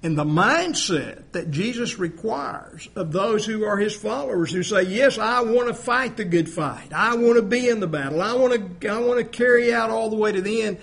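A man preaching a sermon, emphatic, swinging between loud appeals and quiet asides, asking rhetorical questions. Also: sits high, lively intonation, normal speed, creaky, hardly any pauses. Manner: emphatic, rising and dropping volume, rhetorical questions.

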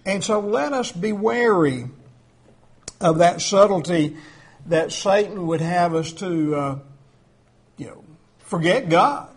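A high-voiced man delivers a sermon in a conversational, emphatic way. He leans on filler words and restarts as he builds his points, and his pitch sits well above most men's. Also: slow, pauses often, husky. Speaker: preacher.

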